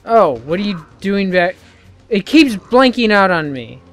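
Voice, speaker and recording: A man's voice: high-pitched, very animated, measured pace, soft background music. Irritated man cursing at a video game. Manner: swearing, muttering, irritated. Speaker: gameplay commentator. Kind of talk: frustrated let's-play commentary.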